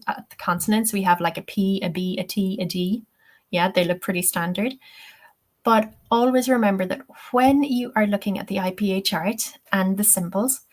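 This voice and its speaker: A young woman with an Irish accent teaching a webinar lesson, explaining step by step and often checking in with "okay?". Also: medium pitch. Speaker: TEFL teacher.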